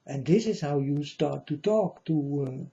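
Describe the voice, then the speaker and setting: A self-styled spiritual speaker delivers a casual, rambling monologue full of profanity and frequent "you know"s, his English showing non-native grammar. His slightly high voice is mellow and unhurried, with vocal fry, and the sound is lo-fi.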